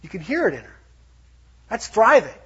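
A man preaching a lively sermon, acting out little quotes as he goes. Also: sits high, moderate pace, breathy edge. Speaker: pastor. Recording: dull lo-fi sound.

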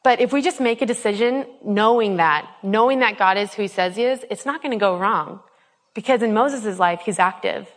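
A young woman in her twenties talks through a faith testimony in a loose, earnest way, stopping on ums and starting her sentences over. Her voice sits at a middling pitch for a woman. A long reverb trails behind her, as in a large hall. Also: normal speed. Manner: earnest, rambling, many ums and restarts. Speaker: speaker giving a personal testimony.

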